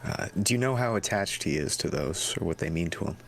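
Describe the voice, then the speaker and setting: A man playing a polite, measured male bard who asks questions deadpan. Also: sits low. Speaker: player.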